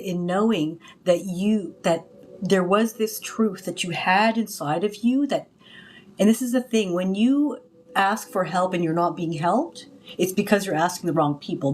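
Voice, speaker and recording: A woman talking casually to a live stream as a spiritual healer, rambling and confiding with many restarts, breaking into loud cries when she acts out others. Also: lowish voice, slight background noise. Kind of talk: casual livestream talk. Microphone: phone.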